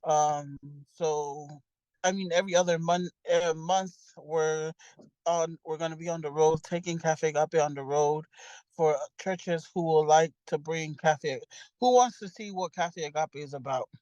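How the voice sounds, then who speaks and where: A woman's voice: low voice, unhurried, a little mellow, dry recording, muffled recording. A woman speaking earnestly about her ministry work, her talk full of fillers, restarts and loose phrasing. Her voice is close and dry, with no room sound around it. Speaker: youth ministry leader. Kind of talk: testimony in a church interview.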